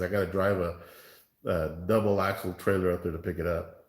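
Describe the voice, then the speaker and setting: A man's voice: deep voice, little pitch movement, a little fast, echoey room. A man from Far West Texas, chatting casually with viewers on his barbecue livestream and calling them man and bro. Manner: laid-back, calls viewers man and bro. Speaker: barbecue show host.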